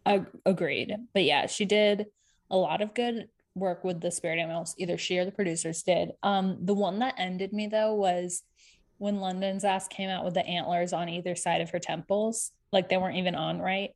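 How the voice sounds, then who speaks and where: A woman co-hosting a podcast, chatting casually and recapping a reality show with quick asides and laughter. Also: on the low side, steady tone. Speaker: podcast co-host.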